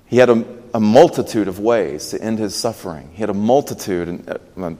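Male pastor, lower voice, emphatic sermon delivery, reverberant church hall. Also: a little fast, mellow. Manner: earnest, emphatic preaching with rising and falling emphasis. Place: church sanctuary.

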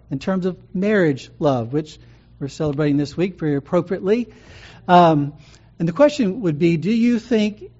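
A man's voice: fairly high pitch, a little mellow. A man preaching a sermon as pastor, teaching in a conversational way with frequent ums and restarts. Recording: muffled lo-fi sound.

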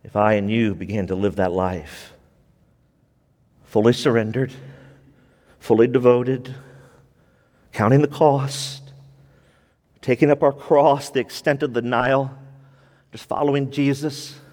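A man's voice: mid-range voice, steady tone, unhurried, pauses often, a little mellow, big-room sound. A man preaching a sermon to his church, moving from teaching into impassioned, pleading prayer. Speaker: pastor.

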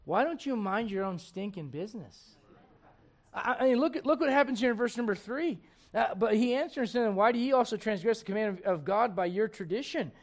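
High-voiced impassioned man preaching a sermon. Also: lively intonation, fairly quick. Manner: impassioned and conversational, full of rhetorical questions.

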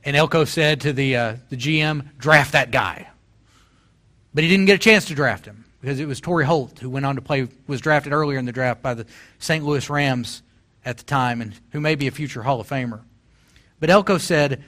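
A pastor in his forties, medium-pitched and fairly bright, preaches a sermon at a moderate pace. He tells stories and builds to emphatic exhortation.

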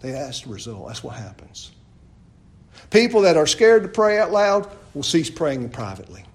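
A man preaching a sermon, asking rhetorical questions and often dropping suddenly to a quiet voice. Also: on the high side, sing-song, moderate pace. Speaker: pastor.

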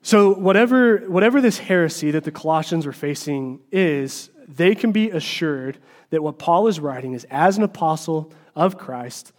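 Higher-pitched man preaching casually. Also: animated, normal speed. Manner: informal, with frequent fillers and restarts; emphatic, opinionated asides. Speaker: preacher teaching a Bible study. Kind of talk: conversational sermon.

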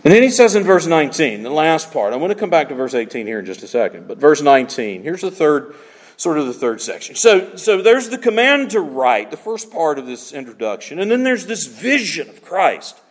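A man preaching a sermon, swinging between loud emphatic lines and hushed asides. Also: on the high side, very animated, brisk, long reverb tail.

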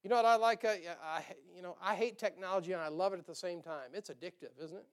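A male pastor preaching with a high-pitched, clear and resonant voice. He keeps things folksy and joking, chuckling between points and firing rhetorical questions at his listeners. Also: quick pace. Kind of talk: sermon.

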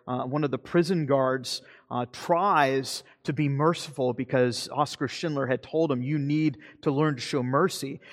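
A man preaching a sermon as pastor, earnest, slowing for emphasis and then speeding up. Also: on the high side, big-room sound. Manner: earnest preaching, shifting between slow emphasis and quick asides.

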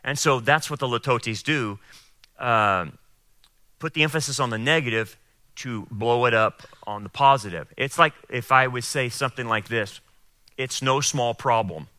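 A man preaching and teaching the Bible, emphatic, acting out quotes in a raised voice and then explaining calmly. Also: medium pitch, moderate pace, no room sound. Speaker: pastor.

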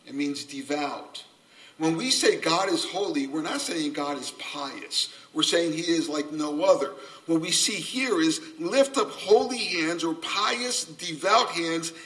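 An older man preaching a sermon, earnest and gently humorous, a self-described subdued speaker. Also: fairly high pitch. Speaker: pastor. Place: church sanctuary. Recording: voice from a distance off the mic.

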